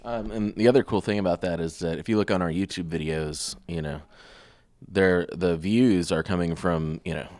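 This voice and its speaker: A man's voice: low voice, normal speed, dry recording. A man in a band, talking loosely in an interview with lots of fillers. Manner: relaxed, filler-heavy. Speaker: band member. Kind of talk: casual interview chat.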